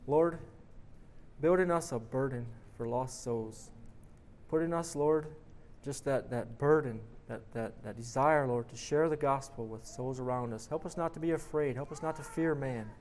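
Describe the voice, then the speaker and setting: A man's voice: medium pitch, moderate pace, darkish tone, a little hiss or hum. A man preaching, reading a dramatic story aloud and then leading a prayer, emphatic on repeated questions. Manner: emphatic, rising on rhetorical questions.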